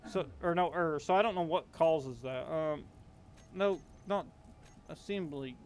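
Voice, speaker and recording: While streaming a game, a young man from Appalachian Kentucky, US, rambles casually in a drawling Southern accent, leaning on fillers. His voice is on the high side and measured in pace, with a little hiss or hum.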